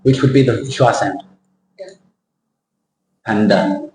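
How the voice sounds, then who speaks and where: A man coaching pronunciation, stretching words out and repeating them for learners. His voice sits at a middle pitch and rings in a roomy classroom, with a faint hum underneath. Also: lively intonation, a little mellow. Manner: drills words slowly, mixes in Thai asides. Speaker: pronunciation teacher. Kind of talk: accent coaching lesson.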